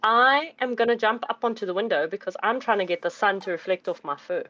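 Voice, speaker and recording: A woman's voice: mid-range voice, fast, fairly bright tone, muffled recording. A woman playing a tabletop role-play game, cheeky and playful. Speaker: player. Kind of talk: casual role-play chat.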